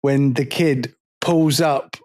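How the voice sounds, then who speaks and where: A man co-hosting a podcast, chatting casually and telling lively stories, acting out the people he quotes. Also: mid-range voice, slow. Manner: animated storytelling, acts out quoted people. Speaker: podcast co-host. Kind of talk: casual chat.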